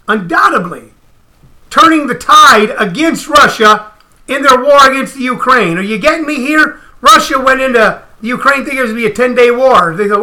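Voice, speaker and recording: High-pitched, sharp-toned ranting man. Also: normal speed. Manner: animated, profane, emphatic. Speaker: comedian host. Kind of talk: casual livestream rant.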